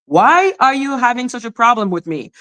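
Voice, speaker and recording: Livestream host, woman, slightly high voice, casual blunt ranting, swears freely. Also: sing-song, normal speed, fairly bright tone. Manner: blunt, swearing, talks straight to chat. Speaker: livestream host reacting to chat.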